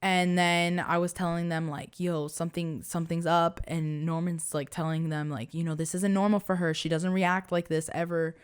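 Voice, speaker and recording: This young woman, co-hosting a podcast, has a clear, resonant voice with a steady tone, speaking at normal speed with hardly any pauses. She tells a personal story earnestly in casual talk packed with fillers, dropping to a soft, low voice to relive her fear.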